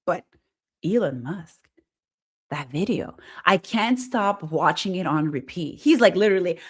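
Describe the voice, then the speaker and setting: Excitable chatty woman hosting a live stream. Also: on the low side, unhurried, husky. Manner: chatty and excitable, reads viewer comments aloud. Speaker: host. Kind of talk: casual live-stream chat. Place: Montreal.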